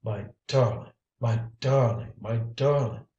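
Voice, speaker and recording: A man's voice: mid-range voice, slow pace, mellow, dull audio, lightly acted. A man reading a stern, hot-tempered sailor. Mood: masterful. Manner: stern, commanding. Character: hot-tempered strong young sailor, masterful. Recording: roomy, distant mic.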